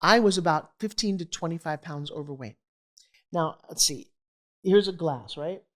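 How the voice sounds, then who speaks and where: Middle-aged woman, slightly low voice, candid and animated interview storyteller. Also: normal speed. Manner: animated, acts out quoted voices. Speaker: guest.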